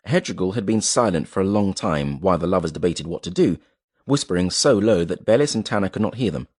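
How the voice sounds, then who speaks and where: Low-voiced man narrating a novel. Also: animated, a little mellow, no room sound, clean studio sound. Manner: measured, dramatic storytelling. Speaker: audiobook narrator. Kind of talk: scripted narration.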